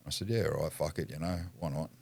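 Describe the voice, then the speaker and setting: A middle-aged Australian man with a very low voice tells hard stories in plain, blunt words, swearing freely and laughing now and then. His voice sits close and dry on a podcast mic. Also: fast, gravelly, darkish tone, breathy edge, no room sound. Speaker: podcast guest. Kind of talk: casual storytelling.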